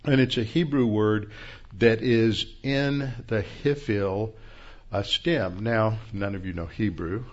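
Slow, low-voiced man teaching a sermon. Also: dull audio. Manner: methodical, explains Greek and Hebrew terms. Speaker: pastor. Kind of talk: expository Bible teaching.

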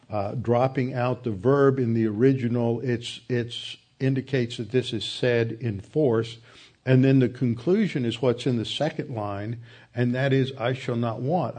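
A man teaching a Bible lesson in a mellow, warm voice. He explains steadily and pauses now and then to find his words. His pitch sits in the ordinary middle range for a man. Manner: measured, explanatory teaching with occasional hesitations. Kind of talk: Bible study lecture.

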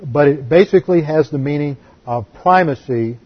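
A man, a pastor, teaching a Bible class in a deliberate, explanatory way and repeating key words. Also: on the high side, breathy edge, highs cut off. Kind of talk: sermon-style Bible teaching.

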